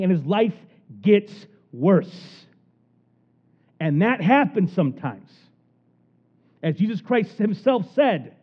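A man preaching a sermon in an animated storytelling manner, acting out the people in the story. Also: fairly high pitch, unhurried, breathy edge. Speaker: pastor. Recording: tinny phone-like recording.

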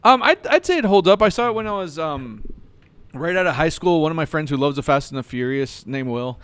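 Young dude rambling about movies, lots of restarts, higher voice, up and down a ton. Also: male voice, lively intonation, a bit bright, smooth, no room sound. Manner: rambling, halting, many restarts. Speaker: podcast co-host. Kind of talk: casual movie chat.

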